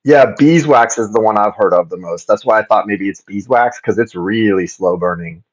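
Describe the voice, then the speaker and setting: A man's voice: on the low side, normal speed. A man from Florida hosting a casual tarot livestream from his home, chatting and rambling, often repeating words and greeting viewers by name. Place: home, indoors. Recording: slightly dull livestream audio.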